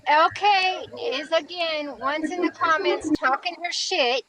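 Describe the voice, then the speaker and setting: A woman's voice: sits high, unhurried, background noise. A woman on a livestream, talking casually in an irritated, profane way.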